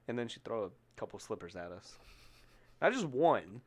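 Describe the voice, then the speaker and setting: Man, casual podcast banter, profane, lively swinging pitch. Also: brisk. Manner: profane, animated storytelling with bursts of laughter.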